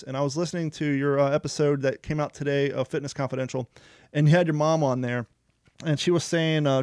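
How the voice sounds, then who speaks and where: A man's voice: darkish tone, dry recording, studio quality. Chatty, upbeat male podcast host. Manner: chatty, rambling, sales-pitch energy. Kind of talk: casual podcast chat and ad reads.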